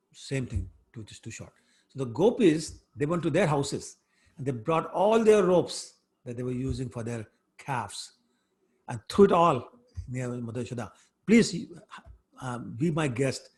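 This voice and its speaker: A man giving a scripture class, telling a story conversationally with asides to his listeners. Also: mid-range voice. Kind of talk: storytelling lecture.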